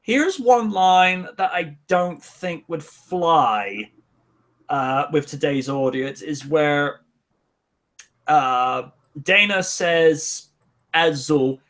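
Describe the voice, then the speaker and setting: A man talks through a relaxed live-stream chat at an unhurried pace. His voice sits a little high, and he trails off into fillers as he thinks aloud. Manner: slow, musing, trails off with fillers. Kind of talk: casual chat.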